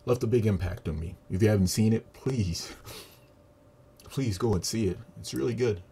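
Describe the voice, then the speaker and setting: A man giving a casual, profane, animated review of a movie he just saw. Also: fairly low pitch, moderate pace. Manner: profane, animated retelling with acted quotes. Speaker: video reviewer. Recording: audio static.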